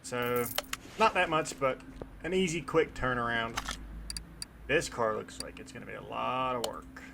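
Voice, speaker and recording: A man's voice: medium pitch, measured pace, vocal fry, noisy background. Man chatting casually over gameplay. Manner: relaxed, rambling, playful asides. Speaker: gaming video host.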